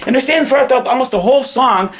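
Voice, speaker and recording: A man's voice: very high voice, animated, fast, a bit bright. A man recounts a wild encounter in loose, conversational storytelling. He swears often, repeats himself for emphasis and restarts sentences as the memory comes back. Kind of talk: casual spoken anecdote.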